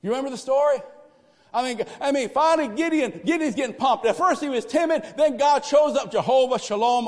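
A man preaching a lively sermon, swinging from loud cries to hushed asides. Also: extremely high pitch, a little fast. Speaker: pastor. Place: church sanctuary. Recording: live church sanctuary with long reverb.

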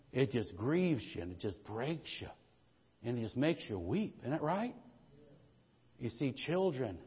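A man preaching a sermon, with a husky voice, who rises to loud passionate peaks and keeps asking the congregation for amens. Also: medium pitch, big-room sound, muffled recording. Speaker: pastor.

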